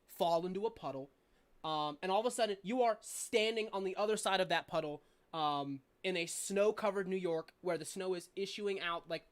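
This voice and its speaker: A woman's voice: fairly low pitch, moderate pace. A young adult woman narrating a tabletop game as game master, casual and rambling with fillers and swearing.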